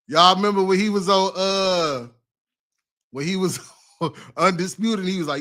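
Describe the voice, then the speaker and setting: A man's voice: fairly high pitch, moderate pace, sharp tone. A man giving casual reaction commentary, slangy, exclaiming and laughing as he reads out news.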